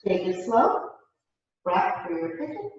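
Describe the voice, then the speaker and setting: Out of breath and a bit winded, a woman leads a guided yoga class at a measured pace in a medium-pitched voice, coaching casually and chattily while laughing at her own expense. A far-off mic picks her up amid heavy studio echo, and the sound is dull.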